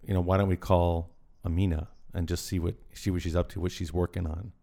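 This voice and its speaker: A man co-hosting a podcast in casual chat, easygoing and quick to laugh. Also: deep voice, little pitch movement, vocal fry, dark tone. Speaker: podcast co-host.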